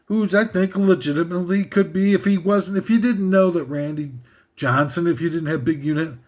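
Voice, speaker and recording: A man with a high, slightly dark voice talks a little fast as he hosts a comedic countdown list. He rants sarcastically and meanders, packing in fillers, asides and laughs.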